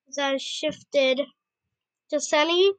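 A woman reading a novel aloud, halting and stumbling over words and rereading them. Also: high-pitched, no room sound, rough recording. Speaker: amateur reader.

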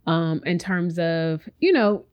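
Candid, slightly low-voiced woman podcaster. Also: slow, smooth, highs cut off. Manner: candid and reflective, rambling with many fillers; speaks directly to listeners as "y'all". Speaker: podcast co-host. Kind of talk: casual chat.

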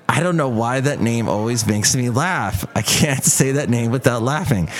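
A man's voice: medium pitch, moderate pace, few pauses. A man hosting a podcast as a loose, comic solo monologue, wandering off on tangents and joking at his own expense. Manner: rambling, self-mocking asides. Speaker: podcast host. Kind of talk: casual comedic monologue.

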